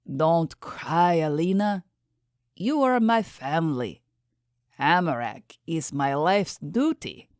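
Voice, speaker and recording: A woman voicing a gentle, weary old man, a dying tribal leader, speaking weakly and solemnly in an audiobook. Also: low-pitched, animated, slow pace, no echo, studio quality. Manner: weak, tender, solemn.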